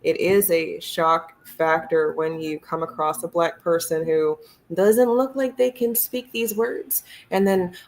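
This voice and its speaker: Woman co-host with a lowish voice, thoughtful and measured, sometimes drags her words out. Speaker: podcast co-host. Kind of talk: casual discussion.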